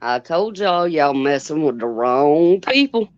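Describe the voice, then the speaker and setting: A woman's voice: low-pitched, big pitch swings, unhurried, no echo, muffled recording. A woman making dry, sarcastic remarks on a livestream. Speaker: livestream co-host. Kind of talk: casual livestream chat.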